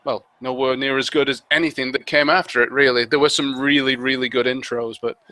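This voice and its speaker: A man's voice: medium pitch, steady tone, brisk, pushed and bright, dry recording. A man co-hosting a casual fan commentary on an old TV show, playful and sarcastic. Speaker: commentary co-host.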